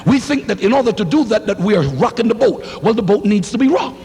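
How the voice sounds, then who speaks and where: A man preaches with fire, his high voice leaping up and down and breaking into shouts. His tone is gravelly, and it rings out with a long hall reverb over a faint hum. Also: animated, fast talker. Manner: fiery, rising to shouts, call-and-response. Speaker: pastor. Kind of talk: sermon. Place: church sanctuary.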